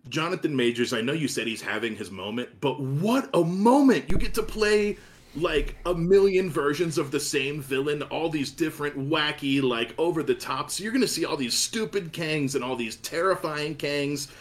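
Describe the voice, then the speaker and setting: A man hosting a casual podcast chat, talking in an excited, gushing way. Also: fairly high pitch, moderate pace. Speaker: podcast host.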